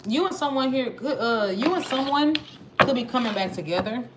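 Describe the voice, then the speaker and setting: A woman's voice: on the high side, lively intonation, normal speed. A woman with a Southern accent giving a casual tarot reading, chatty and slangy, talking straight to her viewers. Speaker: tarot reader. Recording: noisy with clicks.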